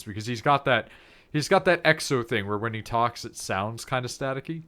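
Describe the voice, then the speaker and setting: A male streamer chats casually over gameplay at an ordinary pitch. He gets animated and laughs easily, and he breaks into quick impressions of the characters. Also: clear, resonant tone. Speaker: game streamer.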